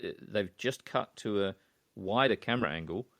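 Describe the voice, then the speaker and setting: A man with a notably deep voice chats casually about an old film. He hesitates and restarts often, and the recording is dry and close. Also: fairly bright tone, dry recording. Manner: hesitant, trailing off into pauses. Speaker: podcast co-host.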